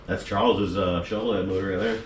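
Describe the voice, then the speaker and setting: A man's voice: deep voice, fairly even intonation, brisk. A man chatting casually with friends, rambling and swearing as he jokes and tells stories. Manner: rambling, profane, joking. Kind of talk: casual storytelling. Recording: very echoey, distant from the mic, faint noise.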